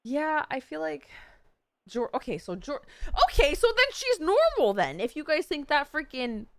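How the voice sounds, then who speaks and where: A woman's voice: high voice, huge pitch swings, normal speed, no room sound. A young woman livestreamer casually chatting to her viewers while reacting to roleplay clips, swearing and thinking aloud as she goes. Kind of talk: casual stream chat to viewers.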